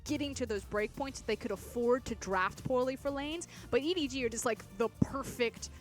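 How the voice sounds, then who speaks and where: Quick, teasing woman esports analyst. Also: fairly high pitch, faint music behind.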